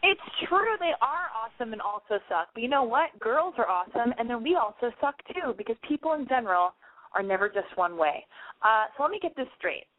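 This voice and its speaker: A woman's voice: a little high, big pitch swings, a little fast. A woman hosting a casual call-in advice radio show, chatty and frank, swearing freely. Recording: dry, phone-like narrow band.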